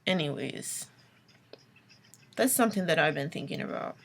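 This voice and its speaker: A woman's voice: deep voice, animated, moderate pace, creaky, fairly bright tone. A young adult woman vlogging a late-night rant, exasperated, with sighs and whispered asides.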